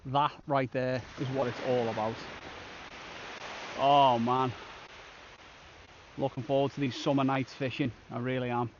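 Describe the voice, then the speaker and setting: A man's voice: medium pitch, a little mellow, dull audio, a little hiss or hum. A man vlogging a shore fishing trip outdoors on a beach, chatting casually and upbeat to the camera. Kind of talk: casual outdoor vlog narration.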